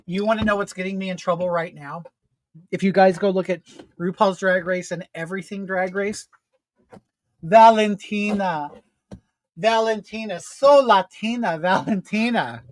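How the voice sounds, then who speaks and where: A man hosting as a drag queen gossips with sarcasm while doing his makeup, reading viewer comments out loud. His voice is high-pitched with fairly even intonation, and he speaks briskly with no echo in this casual makeup chat.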